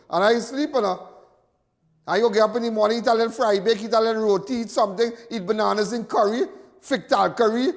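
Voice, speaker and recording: Trinidadian male host, very high voice, long reverb, folksy live commentary. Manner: folksy, preaching, repeats phrases. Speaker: talk show host.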